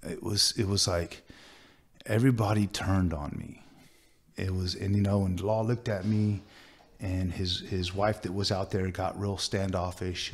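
A man with a low, gravelly voice tells a personal story in a sit-down interview. He speaks earnestly and haltingly, often restarting and leaning on "you know." The low, rough grain of his voice stays steady throughout. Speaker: tattoo artist, interview guest.

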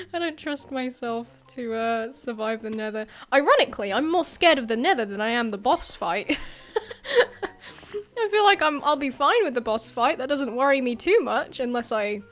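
High-voiced woman narrating her gameplay. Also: fairly bright tone. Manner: chatty and self-deprecating, often laughing and yelping at scares. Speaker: gaming video creator. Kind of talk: casual gameplay commentary.

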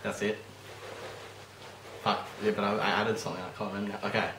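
A man's voice: on the low side, level tone, quick pace, pushed and bright. A young man casually joking on set while directing an amateur film, counting down takes. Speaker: amateur filmmaker. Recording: echoey room with crowd noise.

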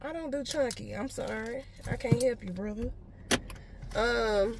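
A woman's voice: fairly high pitch, slow, vocal fry, long pauses, noisy background. A woman talking casually to her viewers on a car vlog, blunt and profane, laughing often, recorded on a phone camera in a parked car. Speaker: motivational vlogger.

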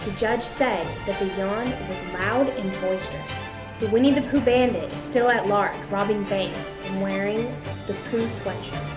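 A stiff, cheesy female news anchor, put on by a teenage girl, reads the headlines in a loud, mock-formal delivery. Her pitch sits in a middling range for a woman. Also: unhurried, hardly any pauses, over loud music, close to an everyday voice.

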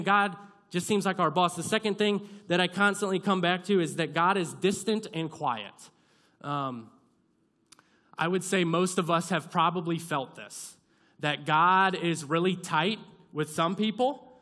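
A man's voice: high voice, sharp tone. A young man preaching a sermon in a church, in a conversational, self-deprecating way, acting out his own past doubts as little scenes. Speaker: pastor. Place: church sanctuary.

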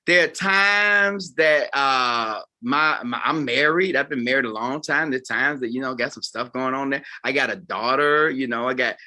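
A man in his fifties, a pastor, preaching a closing sermon to volunteers and sweeping from loud highs to quiet lows. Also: normal speed, few pauses. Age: 50s. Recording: live talk before a group.

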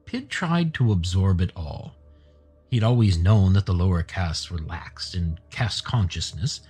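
A man reading an audiobook with a low, husky voice and steady storytelling. His pitch moves expressively, and faint music plays underneath. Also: measured pace. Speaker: narrator. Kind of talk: audiobook narration.

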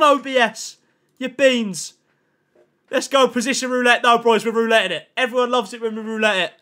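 At normal speed and an extremely high pitch, a young man talks casually to the people watching his gaming livestream. He's excitable and slangy, constantly grateful to chat, and loud in his reactions to pack openings.

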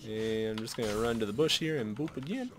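A young man giving live commentary over his own game at a computer, swinging from muttered asides to loud shouts at big plays and swearing casually. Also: mid-range voice, a little fast, a little hiss or hum. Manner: swears and jokes casually, mutters to himself while shopping. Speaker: gameplay commentator.

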